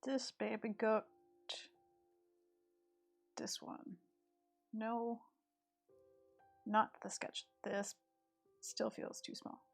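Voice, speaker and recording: A woman's voice: a little high, level tone, very slow, creaky, long pauses. A woman with a rural East Tennessee accent, chatting casually and thinking aloud while she draws on a live stream. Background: faint background music.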